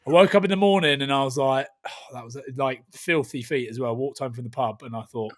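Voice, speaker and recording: A man's voice: medium pitch, a little fast. Dude in his 30s ranting a funny story on a rugby podcast, swears a lot, chatty. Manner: animated storytelling, swears freely. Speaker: podcast host. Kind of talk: casual chat.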